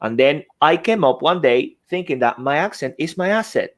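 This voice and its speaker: A man with a non-native accent speaks English as a podcast guest and coach, talking emphatically and posing rhetorical questions. His voice is fairly high and expressive at normal speed, recorded through a desk mic in a remote podcast setup.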